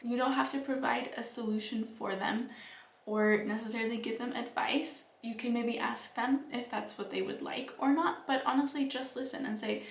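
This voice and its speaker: A young woman talks through life lessons in a casual, earnest way, pausing with soft fillers. Her voice sits a little high and rings in a roomy space. She is heard from a short distance off the mic. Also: fairly even intonation, creaky. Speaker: vlogger. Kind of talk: casual advice talk to camera. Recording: echoey room, voice a bit off-mic.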